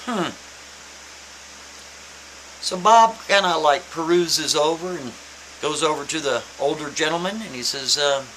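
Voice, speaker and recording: Animated male storyteller, bright voice. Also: a little high, moderate pace, long pauses, low-quality recording. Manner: animated, emphatic, repeats points. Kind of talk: casual spoken storytelling. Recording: faint hiss.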